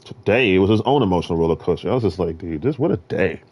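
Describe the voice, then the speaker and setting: Animated ranting male streamer. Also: deep voice, quick pace, husky. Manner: swings between ranting and muttering. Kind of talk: rambling stream chat.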